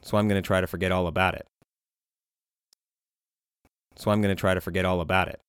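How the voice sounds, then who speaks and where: A man reading his side of a scripted practice dialogue in a slow, deliberate, plain way. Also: sits low, level tone, clean tone, no room sound, studio quality.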